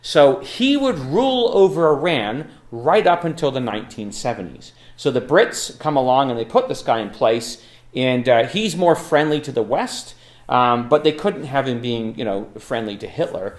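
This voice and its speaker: A man's voice: medium pitch, expressive, moderate pace, roomy sound. A man giving a casual, chatty talk on history with lots of ums and uhs. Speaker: Bible talk speaker. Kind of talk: informal lecture on history.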